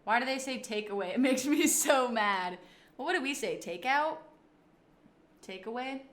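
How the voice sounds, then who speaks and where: A woman's voice: a little high, animated, normal speed, fairly bright tone, roomy sound. A woman streamer chatting casually on a livestream, rambling through off-the-cuff reactions.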